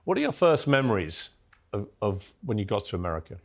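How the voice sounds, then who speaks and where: TV host, 50s, male, lively pitch, brisk interviewer. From England. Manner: brisk, leading questions with laughing asides. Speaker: talk show host. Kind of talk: television interview hosting.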